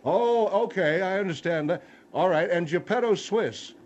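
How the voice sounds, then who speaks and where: A man voicing a slow, befuddled male guest who stammers in confusion. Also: high-pitched, expressive, a little mellow, dull audio, voice pushed up.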